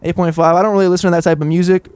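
A man's voice: high-pitched, level tone, very fast, darkish tone, clean tone, dry recording. A young man chatting casually about music, telling a rambling funny story and laughing often. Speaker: podcast co-host. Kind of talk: casual music review chat.

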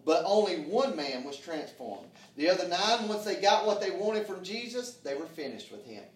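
A man's voice: high-pitched, big pitch swings, normal speed, reverberant, distant mic. A man preaching a sermon in a church, fervent and folksy, calling out to the congregation for answers. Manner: fervent preaching with call-and-response, folksy grammar. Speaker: pastor. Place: church sanctuary.

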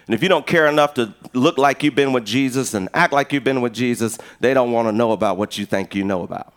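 A middle-aged man preaching a sermon as pastor, an animated, joking storyteller who acts out conversations. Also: medium pitch, fast.

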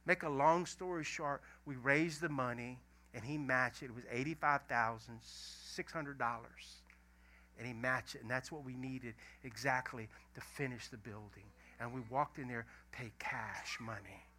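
Man, middle-aged pastor, animated sermon, bright tone. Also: mid-range voice, a little slow. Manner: animated, emphatic storytelling preaching.

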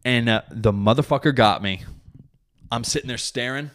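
A man's voice: mid-range voice, normal speed, fairly bright tone. A comedian and podcast host, a father, telling a rambling story in casual, profane, self-correcting chat.

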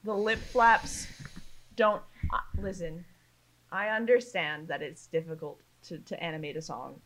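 A woman's voice: fairly low pitch, fairly even intonation, measured pace, fairly bright tone, a little hiss or hum, poor audio. A woman co-hosting a podcast in casual chat, often restarting her phrases as she talks through her points. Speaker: podcast co-host.

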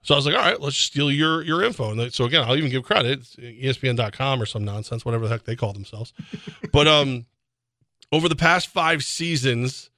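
A man co-hosting sports radio in a chatty, rambling way, with quick laughing asides. His voice is bright and forward, and it sits in a tight, dry studio with no room sound. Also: medium pitch, no echo. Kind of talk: casual sports radio talk. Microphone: studio microphone.

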